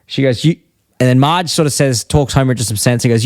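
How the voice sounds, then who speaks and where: A man's voice: mid-range voice, quick pace, a little mellow, dry recording. Rambling podcast co-host man, dry sound. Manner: rambling retelling with quoted lines and restarts. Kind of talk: casual chat recapping an episode.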